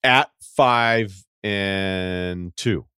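A man hosting a sports podcast, telling stories in casual chat with quick asides. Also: deep voice, clean tone, no room sound, clean studio sound. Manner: animated storyteller with quick asides. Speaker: podcast host.

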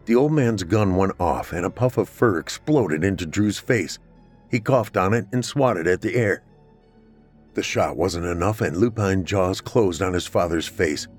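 A man narrating a scripted horror story in a steady, measured way. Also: low voice, faint music behind.

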